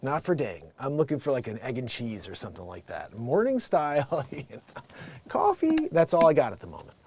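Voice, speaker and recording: A man's voice: mid-range voice, big pitch swings, fairly quick, darkish tone, slightly rough. A man hosting a comedic news show, rambling and joking through headlines and laughing at his own bits. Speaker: talk show host.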